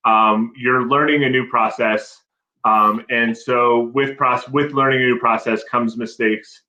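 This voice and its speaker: Male guest, casual and rambling, bright tone, a bit lo-fi. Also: mid-range voice, steady tone, a little slow, reverberant. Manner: rambling with many fillers and restarts, earnest. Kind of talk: casual chat.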